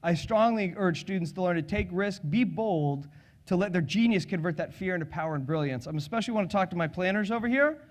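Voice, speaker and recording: A middle-aged man giving a live sales seminar, energetic and joking, asking the audience questions. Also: high voice, a little fast. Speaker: sales and public speaking trainer.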